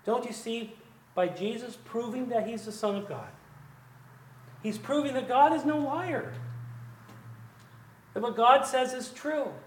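A man, a pastor, preaching a sermon with emphasis, swinging between hushed and loud delivery. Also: extremely high pitch, unhurried, pauses often, a little hiss or hum. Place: church sanctuary. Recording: echoey church room.

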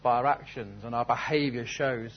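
Male preacher, sermon, husky voice, storytelling, earnest questions, dull lo-fi recording. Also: medium pitch, moderate pace. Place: church service.

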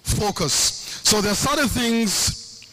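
A man's voice: high-pitched, animated, slow, a bit bright, a little hiss or hum. A middle-aged man preaching a sermon, impassioned, with a sing-song cadence and lots of repetition.

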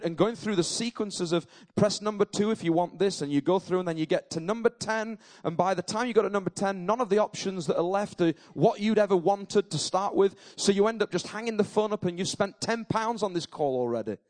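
A man's voice: high-pitched, a little mellow. A man preaching a sermon, moving from chatty storytelling to fervent, emphatic declarations. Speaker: pastor.

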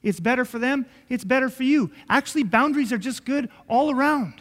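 A man giving a conversational sermon-style teaching, telling animated stories that act out dialogue and chuckling often. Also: very high voice, a little fast, hardly any pauses. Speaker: Christian preacher and father. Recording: long hall reverb.

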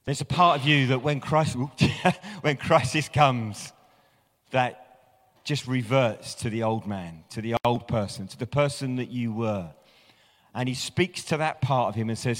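A man's voice: mid-range voice, animated, moderate pace. Chatty male preacher in a reverberant hall. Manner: conversational, self-deprecating, chuckles at himself, restarts often. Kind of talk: sermon.

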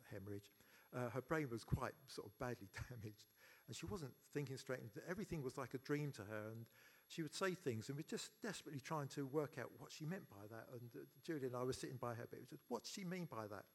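A man giving a funeral eulogy for his sister, telling stories haltingly with many pauses, fillers and restarts. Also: mid-range voice, husky. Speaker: eulogy speaker, brother of the deceased.

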